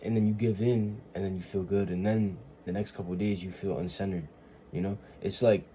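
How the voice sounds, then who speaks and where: A man's voice: fairly low pitch, steady tone, fast talker, warm tone, slight background noise. A man talking in a casual confessional monologue, rambling and emotional, often swearing and searching for words. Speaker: vlogger.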